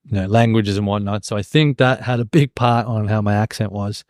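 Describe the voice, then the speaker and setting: Brief: young Australian-raised podcast co-host, low voice, mild accent, animated tangents, dry close mic. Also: male voice, fairly quick, no room sound. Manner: animated storyteller, jumps between tangents. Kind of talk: casual chat.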